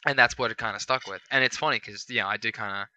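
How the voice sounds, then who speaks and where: Quick-talking man, bright dry voice. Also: lowish voice, dry recording. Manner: quick, loose, lots of fillers and back-channel agreement. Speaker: podcast co-host, wrestler. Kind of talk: casual podcast chat.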